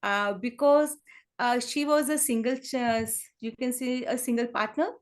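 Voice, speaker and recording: Indian-accented woman, teacher guest on an interview, high voice, earnest and rambling with fillers. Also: steady tone, unhurried. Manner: switches between English and Hindi, many fillers like "and all", "you can say"; earnest, emotional in places. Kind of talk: conversational interview answers.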